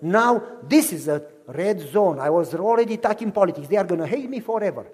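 High-voiced preacher in a reverberant hall. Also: male voice, expressive, fairly quick, hardly any pauses, breathy edge. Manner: preaching with wide swings from hushed to shouted; acts out quoted voices in dialogue. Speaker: pastor. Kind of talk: sermon.

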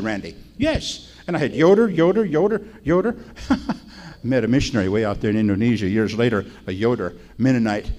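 A man's voice: mid-range voice, a little mellow. An older man preaching in a chatty, storytelling way, often asking his listeners questions. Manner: folksy, chatty, asks the audience. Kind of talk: storytelling sermon.

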